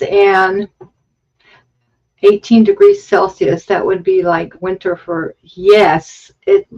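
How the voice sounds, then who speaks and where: A woman in her fifties chats slowly and loosely on a livestream, wandering between thoughts as she works in her home craft studio. Her sound is a bit muffled and lo-fi, like stream audio. The pitch is middling for a woman. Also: a little mellow. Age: 50s. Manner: rambling, chatty, thinks aloud while crafting. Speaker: livestream host. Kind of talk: casual livestream chat.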